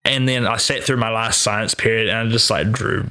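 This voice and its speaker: A young man, a podcast guest telling relaxed stories with easy laughter. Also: lowish voice, moderate pace. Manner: relaxed, laughing, easygoing storyteller. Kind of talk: casual chat.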